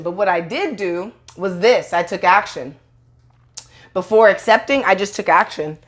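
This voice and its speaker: A woman's voice: mid-range voice, moderate pace. A woman in a casual monologue to camera, blunt and profane, rambling with restarts and acting out quoted voices. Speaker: online video host.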